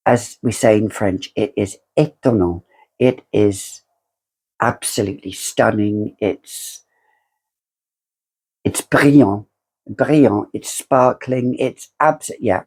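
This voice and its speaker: A British woman with a bass, darkish voice reviews fragrances in a casual vlog, taking it slowly. She's theatrical and effusive, gushing over each scent.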